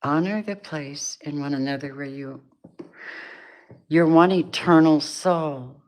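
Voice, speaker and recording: Middle-aged lady doing a tarot reading, low voice, chatty, keeps laughing. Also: slow pace, darkish tone. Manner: chatty, laughs often, voices the people in the cards. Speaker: tarot reader. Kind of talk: casual tarot reading monologue.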